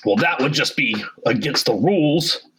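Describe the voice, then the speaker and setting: A man's voice: mid-range voice, lively intonation, moderate pace, noisy background. A man acting as game master, recapping the last session in a casual, hesitant way with many fillers. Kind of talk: narrating a tabletop game recap.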